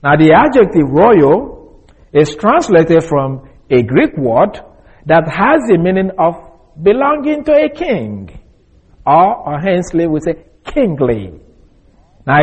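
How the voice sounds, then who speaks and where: Husky man teaching scripture verse by verse. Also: a little high, animated, a little mellow, low-quality recording. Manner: deliberate, explanatory, restates key points. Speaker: Bible teacher.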